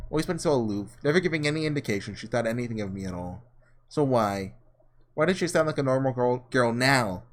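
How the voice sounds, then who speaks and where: A man reading aloud the halting first-person narration of a guilt-ridden young man in a visual novel. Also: mid-range voice, a bit bright, lightly acted.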